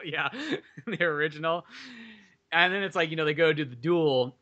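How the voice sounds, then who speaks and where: A man's voice: on the high side, normal speed, lo-fi sound, crowd noise. A man co-hosting a movie podcast, talking casually in a rambling, profane way with many fillers. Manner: rambling, profane, lots of fillers, acts out quoted lines. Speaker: podcast co-host. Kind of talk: casual movie review chat.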